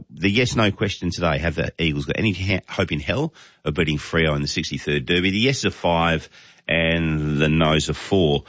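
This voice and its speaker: A man's voice: sits low, no echo, muffled recording. A man with an Australian accent hosting casual talkback radio, chatting and reading out listener texts with chuckles. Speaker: talk radio host.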